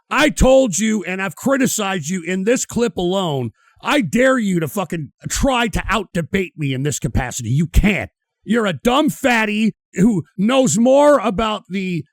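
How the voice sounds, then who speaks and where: A man's voice: high voice, dry recording. A man streaming, reacting to clips with heated, sneering, swear-filled ranting. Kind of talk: profane ranting commentary.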